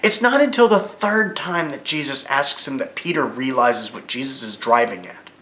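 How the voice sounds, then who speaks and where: A man teaching a Bible study lesson in a church, retelling the story vividly and rising with excitement at key moments. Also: medium pitch, moderate pace. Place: church room. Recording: echoey room.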